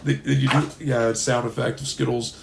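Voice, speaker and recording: A man co-hosting a podcast, telling a rambling comic story in a casual, animated way and slipping into silly voices. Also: medium pitch, moderate pace, creaky, slight background noise. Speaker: podcast co-host. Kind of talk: casual comedic chat.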